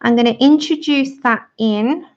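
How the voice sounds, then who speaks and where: A woman's voice: sits high, measured pace. Giggly woman chatting on a lo-fi stream. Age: 30s. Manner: chatty, giggly, reads out viewer comments. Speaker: livestream host colouring with viewers. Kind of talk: casual chat while demonstrating colouring. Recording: dull lo-fi livestream audio.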